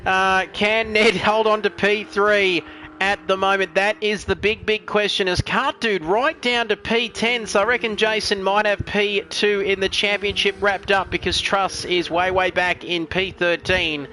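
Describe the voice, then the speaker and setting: Chatty commentator with a high, bright voice, over a faint background hiss. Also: male voice, fairly even intonation, a little slow. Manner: chatty, joking, reads chat messages aloud. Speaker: race commentator. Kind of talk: sim racing commentary.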